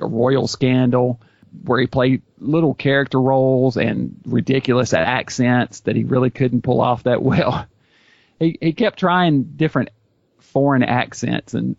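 Man with a gravelly, fry-heavy voice; casual podcast chat, enthusiastic and knowledgeable, dull dry recording. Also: mid-range voice, darkish tone, no echo. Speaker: YouTube series host, guest.

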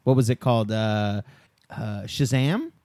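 A man's voice: lowish voice, a little slow, warm tone, dry recording. A man in his thirties co-hosting a casual chat, swearing loosely and laughing often. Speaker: podcast co-host.

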